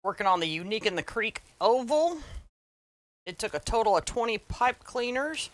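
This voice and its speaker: Hosting a casual livestream craft tutorial, a wreath maker with a Southern American accent chats and greets viewers by name. Her voice is fairly high and animated, at a moderate pace.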